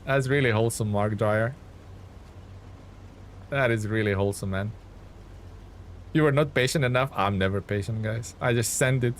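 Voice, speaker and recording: A man's voice: on the low side, moderate pace, pauses often, a little hiss or hum. A man streaming a game, talking casually to his viewers, laughing often and teasing himself about his mistakes. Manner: laughs often, playful and self-mocking; chats with viewers while playing. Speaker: gaming streamer. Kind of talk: casual live game commentary.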